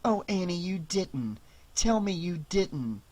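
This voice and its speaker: A narrator voicing a shy, sensible teenage girl babysitting, in a gentle, slightly anxious voice. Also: mid-range voice, very animated, takes it slowly, voice pushed up. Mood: embarrassed.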